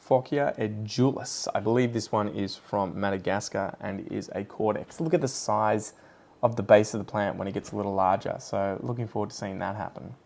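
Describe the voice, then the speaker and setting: An Australian man with a fairly low voice talks in a relaxed, chatty way, wandering from one tangent to the next. He sounds like a plant channel host thinking aloud while he pots plants. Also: fairly quick, gravelly. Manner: chatty, rambling, goes off on tangents. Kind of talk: casual chat while potting plants.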